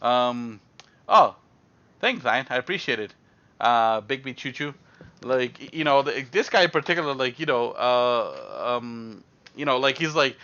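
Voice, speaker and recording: A man's voice: mid-range voice, expressive, a little slow, pushed and bright, muffled recording. A young man telling a rambling story on a live stream, with lots of fillers and acted-out quotes.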